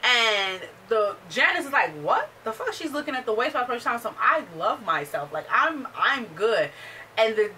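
A woman casually recapping a TV episode, acting out the characters' lines in quick voices and swearing freely. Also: on the high side, big pitch swings, bright, forceful tone, recorded from a distance, slight background noise. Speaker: show reviewer.

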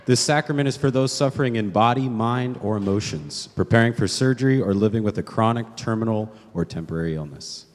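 A man reading parish announcements in a brisk, matter-of-fact way in a large church. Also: fairly low pitch. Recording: distant voice in a reverberant church.

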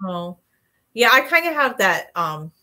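A soft-spoken woman in casual conversation, chatty and agreeable. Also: mid-range voice, sing-song, unhurried. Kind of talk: casual chat.

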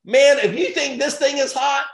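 A man giving an energetic business opportunity pitch in punchy, repetitive short phrases with bursts of excitement. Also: normal speed. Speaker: sales presenter. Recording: roomy echo.

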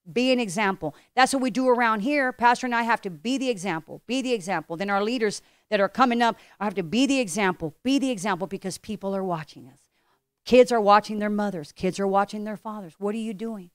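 A woman's voice: on the high side, a little fast, no echo, studio quality. A middle-aged woman pastor preaching a sermon with emphatic repetition and rhetorical questions. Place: church.

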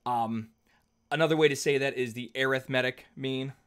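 A man at mid pitch teaches a math lesson as if standing at a board. He talks loosely and patiently, with fillers and frequent checks that the class is following. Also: steady tone, normal speed, fairly bright tone, clear, resonant tone. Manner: conversational, checks in with "okay?" often, fillers. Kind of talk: whiteboard lecture.

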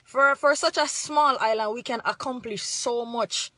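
A woman's voice: fairly high pitch, measured pace, bright, forceful tone, dry recording. A young adult woman from Jamaica with a Jamaican accent, speaking earnestly to the camera and sliding into patois as she urges pride in her country. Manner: earnest, preachy, slides into patois. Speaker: vlogger. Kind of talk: impassioned talk to camera.

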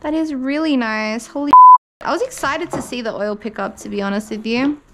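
A woman's voice: fairly high pitch, noisy background. A woman doing a car parts unboxing vlog, gushing and swearing casually as she pulls parts out. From Australia. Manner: gushing, swears often, slow-paced. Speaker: car vlogger.

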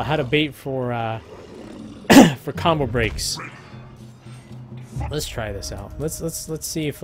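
A man streaming a fighting game, casually talking through his moves to the chat and muttering to himself between bursts of excitement. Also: mid-range voice. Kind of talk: casual live stream commentary. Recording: music playing behind the voice.

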